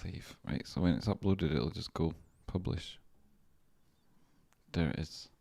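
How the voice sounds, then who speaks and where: Low-voiced mumbling Scottish man. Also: measured pace, creaky, dark tone, no room sound. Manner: mumbling, muttering to himself while working. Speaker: livestreamer and stock chart analyst. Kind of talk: casual live-stream chatter.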